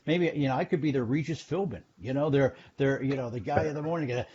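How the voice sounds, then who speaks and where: A man's voice: medium pitch, fast, hardly any pauses, a little mellow, a little hiss or hum. A man in his sixties, a television journalist telling stories as a guest in a casual interview over a video call from his home, chatty and self-deprecating. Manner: chatty storyteller, self-deprecating, many restarts. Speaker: TV news guest. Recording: dull lo-fi call audio.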